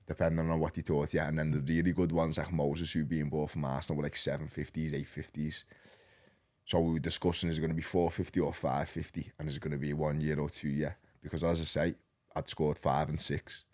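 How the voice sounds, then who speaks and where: Very deep-voiced Liverpool man telling stories. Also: brisk. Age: 30s. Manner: rambling and animated, peppered with slang. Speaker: podcast guest. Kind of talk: casual storytelling.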